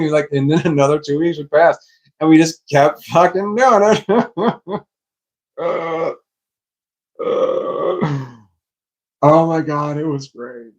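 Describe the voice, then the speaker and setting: A man's voice: a little high, a little slow, long pauses. A middle-aged man casually telling a long personal story, rambling, swearing freely and laughing often. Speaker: vlogger.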